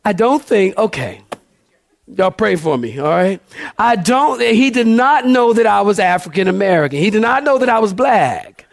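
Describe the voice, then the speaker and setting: High-voiced animated preaching man. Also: normal speed, vocal fry, dry recording. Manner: animated, acts out dialogue in a raised voice. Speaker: pastor. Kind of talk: storytelling sermon.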